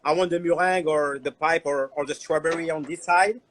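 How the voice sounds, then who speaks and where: Man, somewhat high voice, animated, repeats words, casual storytelling. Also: fairly quick, slight background noise, rough recording. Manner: animated, repeats words, broken English phrasing. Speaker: chocolatier guest. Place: Instagram Live stream.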